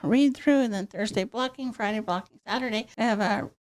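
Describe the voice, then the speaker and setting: High-voiced woman telling animated stories. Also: brisk. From Miami. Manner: animated, acts out quotes in voices. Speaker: guest. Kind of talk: storytelling in a podcast interview. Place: studio.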